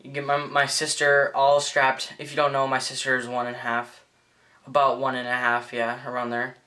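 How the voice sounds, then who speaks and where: A teenage boy vlogger telling a story in a rambling, excitable way, full of fillers and restarts. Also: medium pitch, normal speed. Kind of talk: casual storytelling vlog.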